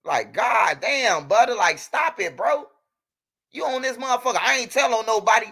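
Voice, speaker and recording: Man, high voice, heated profane rant, repeats himself. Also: animated, a little fast, sharp tone. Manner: angry, profane, repetitive, talking straight at a rival. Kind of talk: heated direct-to-camera rant.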